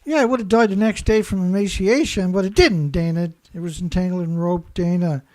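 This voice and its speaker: High-voiced man, mocking and sarcastic. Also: brisk, a little mellow, no echo. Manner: mocking, laughing, rhetorical questions. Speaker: environmental commentator. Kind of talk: sarcastic solo commentary.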